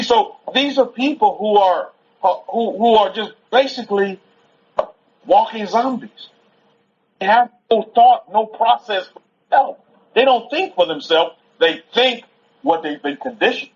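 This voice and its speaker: Animated high-voiced man preaching casually. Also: measured pace. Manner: rambling, repetitive, conversational, stops to soothe a toddler. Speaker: teacher at a Sabbath gathering. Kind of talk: informal sermon. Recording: dull lo-fi recording.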